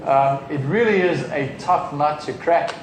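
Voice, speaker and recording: Guy pastor giving a sermon, chatty and rambly, lots of ums, kinda high voice, echoey room. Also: unhurried, background noise. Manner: informal, rambling with many fillers.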